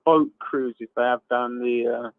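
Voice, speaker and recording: A man's voice: medium pitch, fairly even intonation, unhurried, gravelly, dry recording. Chatty man on a tinny call line. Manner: chatty, jokey, rambling with fillers. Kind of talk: casual chat.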